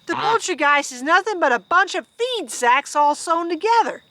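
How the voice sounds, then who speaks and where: A woman's voice: extremely high pitch, big pitch swings, moderate pace, a bit bright, no echo, voice pushed up, heavily acted. A woman reading aloud voices a bossy, scrappy young rooster in a storybook. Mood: urgent.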